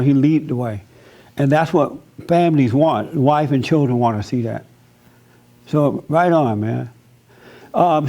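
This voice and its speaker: Brief: male pastor, slightly high voice, blunt, jokey, laughs a lot mid-advice. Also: darkish tone, lo-fi sound. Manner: blunt, joking, laughs often. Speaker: pastor hosting a church talk. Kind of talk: casual church counseling chat.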